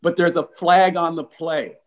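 A man in his sixties from California, a former football player telling lively game stories as an interview guest. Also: fairly high pitch, moderate pace, poor audio. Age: 60s. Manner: animated, acts out the voices in his stories. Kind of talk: casual storytelling interview.

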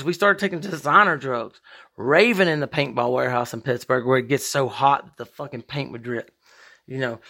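A man hosting a podcast, talking in a profane, rambling monologue with big emphatic swings in pitch. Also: creaky, a bit bright. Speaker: podcast host. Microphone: podcast microphone.

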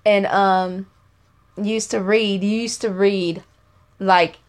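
A woman's voice: medium pitch, steady tone, takes it slowly. A young woman co-hosting a podcast in an easygoing, supportive, casual way. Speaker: podcast co-host. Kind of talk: casual chat.

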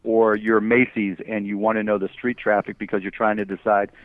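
A man's voice: fairly low pitch, little pitch movement, fairly quick, no echo. A man guesting as an entrepreneur on a phone interview, arguing emphatically through rhetorical questions. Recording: tinny phone line.

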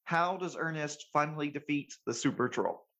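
Male podcast host, slightly high voice, relaxed recap chat, chuckles often. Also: moderate pace. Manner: relaxed, chuckles while recapping, self-correcting. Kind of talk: casual movie recap chat.

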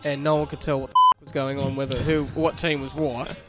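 A man's voice: medium pitch, flat delivery, a little fast, over loud music. A man hosting a casual podcast, wisecracking and teasing his co-hosts. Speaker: podcast host. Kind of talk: casual chat.

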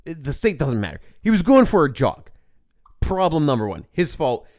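A man co-hosting a podcast, talking in a casual, animated, ranting way with plenty of swearing. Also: on the high side, moderate pace. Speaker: podcast co-host. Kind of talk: casual chat.

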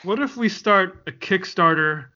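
Bright-voiced man chatting on a podcast. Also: sits high, a little slow. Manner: rambling, jokey, laughs often. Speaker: podcast co-host. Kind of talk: casual chat. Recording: dull lo-fi sound.

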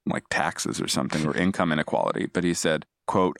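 A man's voice: rumbling low, brisk, vocal fry, few pauses, no echo. A man speaking as a podcast guest, explaining ideas in a thoughtful, digressive way with frequent restarts. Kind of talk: casual analytical discussion.

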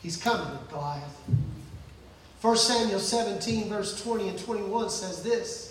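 Animated high-voiced male preacher. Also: a little slow. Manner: animated storytelling, acts out scenes. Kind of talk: sermon. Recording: echoey hall from far off.

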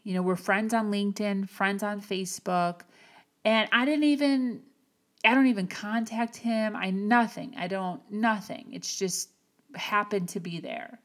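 A woman hosting a podcast, giving an earnest, encouraging motivational talk with slow, emphatic phrasing. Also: mid-range voice. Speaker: podcast host. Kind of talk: motivational monologue.

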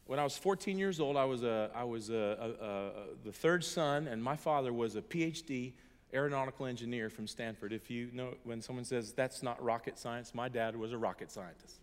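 A middle-aged man, a pastor, giving a sermon built on an emotional personal testimony, moving between hushed and loud passages. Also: medium pitch, fairly quick. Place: church hall. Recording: reverberant hall.

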